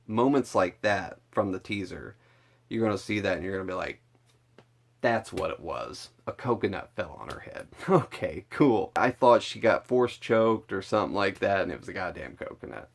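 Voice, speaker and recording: A man vlogging casually to camera, excitable and rambling, with lots of swearing and filler words. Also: on the low side, normal speed, gravelly. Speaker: vlogger reviewing a film trailer.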